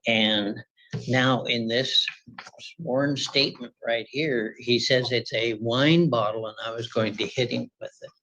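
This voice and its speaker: A man testifying at a court hearing, telling his side with lively acted-out quotes of shouting. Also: medium pitch, measured pace, rough recording. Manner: animated, acts out quoted shouting.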